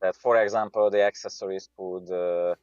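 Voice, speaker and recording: Low-voiced man, halting English. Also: little pitch movement, darkish tone, dry recording, lo-fi sound. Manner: halting, many filler sounds, searches for English words. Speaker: company CEO. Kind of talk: casual video-call interview.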